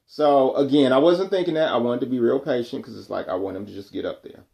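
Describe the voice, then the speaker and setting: Male vlogger, animated storyteller who acts out dialogue, mid-range voice. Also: medium pitch, quick pace, creaky. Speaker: vlogger telling a work story. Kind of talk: casual storytelling.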